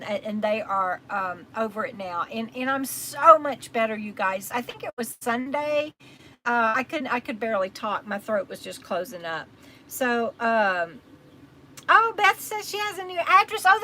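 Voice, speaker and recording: Woman, Texan accent, tired and getting over being sick, rambling live-stream chat, bright tone, a bit high-pitched, faint background hum. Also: rough recording. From Texas. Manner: rambling, chatty, loses her train of thought, thanks commenters by name. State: tired and recovering from illness. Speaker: livestream host.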